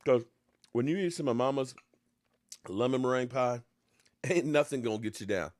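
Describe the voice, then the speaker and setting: A man hosting a sports talk show, joking and ranting as he snacks on pie. His voice drops into low mutters, then jumps up in excited outbursts. The recording is dry and close. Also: brisk, long pauses, dry recording. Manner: eating pie while talking. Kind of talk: casual sports rant.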